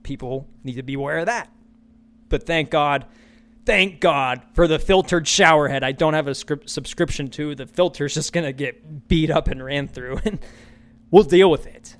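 A man's voice: fairly high pitch, normal speed, fairly bright tone. A man hosting a solo podcast, ranting with profanity and repeating his lines for emphasis. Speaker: podcast host.

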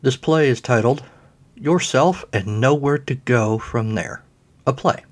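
A man's voice: mid-range voice, measured pace. A man hosting a podcast in a rambling, self-deprecating way, full of fillers. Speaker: podcast host. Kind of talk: casual podcast talk.

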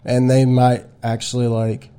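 A man's voice: mid-range voice, completely flat delivery, a little slow, dark tone, smooth. A man hosting a casual podcast chat, talking candidly and restarting his sentences often. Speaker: podcast host.

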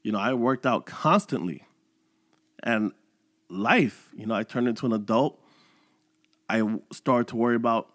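A man in his thirties with a medium-pitched voice hosts a motivational podcast, recorded in studio quality with no room sound. His monologue is casual and animated, and he dramatizes his own inner voice as he talks.

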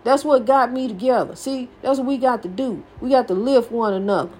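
A woman's voice: a little high, fairly quick, dark tone, slight background noise. An older woman hosting a podcast, giving a folksy, preachy motivational talk and repeating her phrases for emphasis. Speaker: podcast host.

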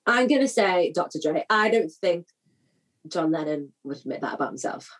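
Giggly woman with a husky, lively voice. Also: on the low side. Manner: giggly, confident and quick. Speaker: podcast co-host. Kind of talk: casual chat.

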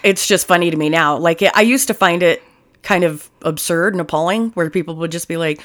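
A woman co-hosting a podcast, telling stories in a profane, animated way. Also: on the low side, a little fast. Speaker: podcast co-host. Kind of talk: casual chat.

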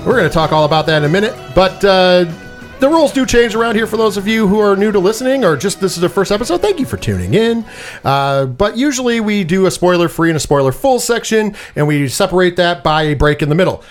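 High, animated male podcast host. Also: fast talker, soft background music. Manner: chatty, rambling, laughs at own jokes. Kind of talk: casual movie review chat.

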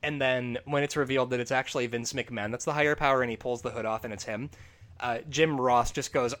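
Animated, profane man riffing on movies. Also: medium pitch, a little fast. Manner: animated, profane, laughing often. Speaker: podcast host. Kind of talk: casual movie review chat.

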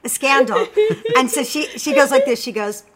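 A woman's voice: sits high, normal speed, over a noisy crowd. A woman guest in casual chat, telling a personal story and acting out what others said. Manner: animated storyteller, acts out quotes.

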